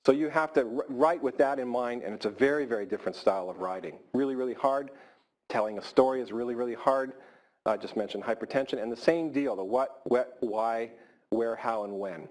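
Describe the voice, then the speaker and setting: A man's voice: mid-range voice, fairly quick, a little mellow. A middle-aged man, a surgeon, giving an informal grand rounds lecture in a hall, repeating words for emphasis. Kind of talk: conversational lecture.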